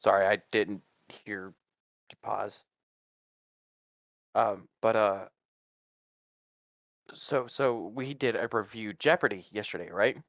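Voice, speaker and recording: A man's voice: fairly low pitch, slow pace, creaky, pauses often, fairly bright tone, no echo, muffled recording. A man chatting casually over a voice-chat mic, laid-back and rambling. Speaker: stream co-host on voice chat.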